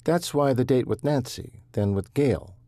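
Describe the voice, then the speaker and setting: A quick, blunt young ranch son who fires off incredulous questions, as a male narrator voices him. His voice sits well above the narrator's own, husky and close. The reading has a warm, dry storybook feel. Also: medium pitch, expressive, no echo, voice pushed up. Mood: wry.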